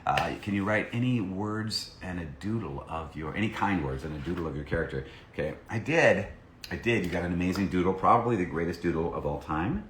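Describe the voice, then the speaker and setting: Very deep-voiced man, playful and animated. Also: a little fast, reverberant, a little hiss or hum. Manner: playful and jokey, reading fan messages aloud. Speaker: voice actor signing autographs on a live stream. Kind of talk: casual live-stream chat.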